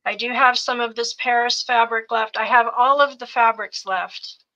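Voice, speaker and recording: A woman's voice: on the high side, fairly even intonation, moderate pace, muffled recording. A woman co-hosting a live sales show, fondly listing the fabrics and trims in each craft bundle one by one. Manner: gentle, fond, lists items piece by piece. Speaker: co-host showing craft kits for sale.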